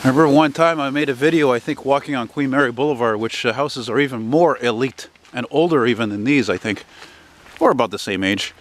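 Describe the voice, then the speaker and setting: A middle-aged man from Canada talks into a handheld camera as he strolls down a residential street. His voice sits at an ordinary mid pitch, and his chatter is loose and meandering, wistful about the old days and peppered with swearing. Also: a little fast, a little hiss or hum. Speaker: vlogger. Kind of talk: casual walking vlog narration.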